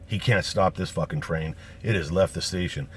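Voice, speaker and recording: A man's voice: low-pitched, normal speed, slight background noise. A man casually telling a true story of his own, swearing constantly and acting out what other people said. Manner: animated, acts out quotes of other people.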